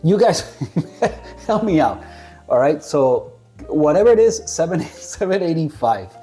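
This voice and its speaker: A relaxed man chats to his viewers about a coffee he is tasting. His voice is mellow and rather dark, and he laughs easily and trips over names he does not know. Faint music plays underneath. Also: on the high side, unhurried. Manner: laid-back, chuckling, stumbles over names. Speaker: coffee reviewer. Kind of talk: casual talk to camera.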